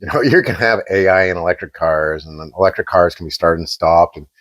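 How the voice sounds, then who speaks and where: A man co-hosting a podcast, chatting casually and telling an animated story, acting out the quoted exchanges. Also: low-pitched, fairly quick. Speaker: podcast co-host.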